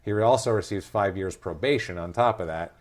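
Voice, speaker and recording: A man's voice: fairly low pitch, fairly quick. A man hosting a podcast, casually retelling a true-crime story with jokes and swearing. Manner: profane, joking, reads dates and quotes. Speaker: podcast host.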